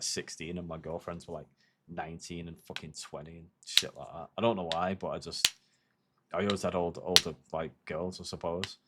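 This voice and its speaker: Deep-voiced man rambling casually. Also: a bit bright, slight background noise. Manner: rambling, heavy swearing, reflective. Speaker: livestreamer. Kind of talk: casual chat on a livestream.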